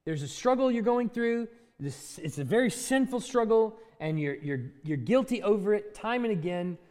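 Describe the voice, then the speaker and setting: A man with a high voice preaches in a lively way. He acts out short voices as he goes and laughs now and then. The sound rings with the long reverb of a large church hall. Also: normal speed. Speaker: pastor. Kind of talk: sermon.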